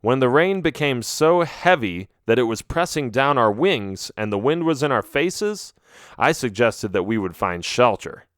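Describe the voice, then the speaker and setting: A man narrating a children's audiobook in an expressive, first-person storytelling manner. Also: mid-range voice, measured pace, no room sound, clean studio sound.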